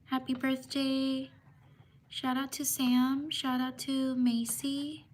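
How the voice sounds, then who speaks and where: Woman doing a chill livestream, talks slow n unhurried, high voice. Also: flat delivery, a little hiss or hum. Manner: slow, unhurried, apologetic about names. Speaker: livestream host. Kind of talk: casual livestream shout-outs.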